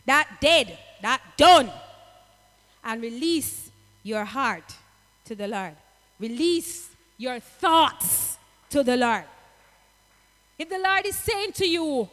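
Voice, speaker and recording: A woman preaches an impassioned sermon, slipping into patois as she goes. Her voice sits high and bright, and it rings with the long echo of a hall. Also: lively intonation, takes it slowly, long pauses. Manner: impassioned, slips into patois, rises to shouts.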